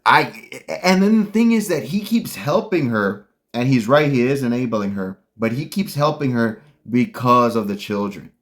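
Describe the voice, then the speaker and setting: A man's voice: mid-range voice, animated, moderate pace, few pauses. A man hosting a casual commentary, ranting bluntly and heatedly with lots of slang. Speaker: commentary host.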